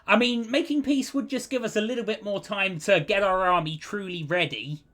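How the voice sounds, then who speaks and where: A man's voice: high-pitched, normal speed, a bit bright. A man giving cheerful, chatty commentary over his own strategy gameplay, thinking aloud as he plays. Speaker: let's play host.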